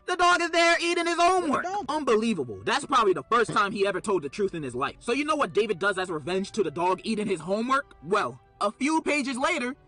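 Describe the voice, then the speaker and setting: A man giving a comedic commentary on a children's book, swinging between low deadpan and sudden shouted outrage. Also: quick pace, few pauses, faint music behind.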